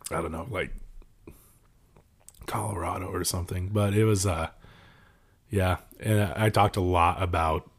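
A young man from California telling stories in casual chat, animated, laughing often and mimicking the people he quotes. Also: low voice, measured pace, pauses often, breathy edge. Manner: animated storytelling, laughs often, voices others.

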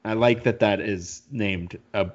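A man with a lowish voice co-hosts a podcast in a loose, casual way. He reads listener mail and looks things up out loud, with plenty of ums. The recording sounds dull and lo-fi. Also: a little slow. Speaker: podcast co-host. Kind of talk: casual chat.

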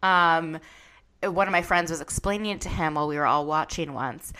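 A woman hosting a podcast, chatty and quick to giggle as she tells stories. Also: low-pitched, sharp tone, smooth. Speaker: podcast host. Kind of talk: casual chat about reality TV.

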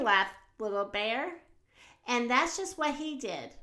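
Slow, expressive woman reading a storybook. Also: mid-range voice. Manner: slow, expressive read-aloud. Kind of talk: reading a children's picture book aloud.

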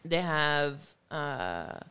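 Woman, from the Netherlands, Dutch native speaker, low-pitched, smooth clear voice, direct, casual chat. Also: extremely slow. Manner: direct, animated storytelling with quoted voices. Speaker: guest tattoo artist.

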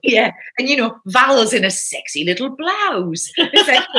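Lively woman, bright voice. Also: fairly high pitch, a little slow. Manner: animated, lively storytelling with quoted outbursts. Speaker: actress and guest. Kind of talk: casual conversation.

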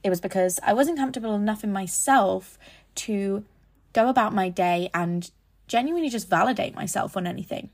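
A woman's voice: mid-range voice, a little fast, a little mellow. Chatty young woman podcaster. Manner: chatty, rambling, self-correcting. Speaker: podcast host. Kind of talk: casual podcast monologue.

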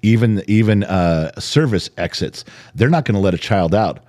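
On a dry recording, a middle-aged podcast co-host talks at normal speed with a fairly low-pitched voice. Chatting casually, he tells a story with plenty of animation, performing the voices of the people involved.

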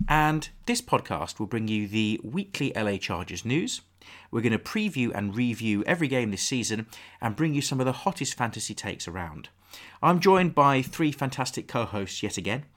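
A man's voice: mid-range voice, fairly bright tone. A man hosting a sports podcast in a casual, joking, chatty way. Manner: chatty, jokey, thanks guests. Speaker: podcast host.

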